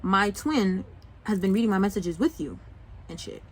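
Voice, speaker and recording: A man's voice: high-pitched, animated, moderate pace, low-quality recording. A young man vlogging, venting about a breakup in a heated, sarcastic, profane way. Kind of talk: venting story-time vlog.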